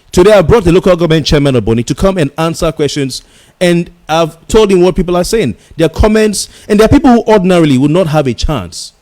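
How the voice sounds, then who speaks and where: A slightly mellow, high-leaning male voice belongs to a radio talk show host locked in a heated on-air argument. He pushes back insistently at the caller, repeating points so he can hold the floor.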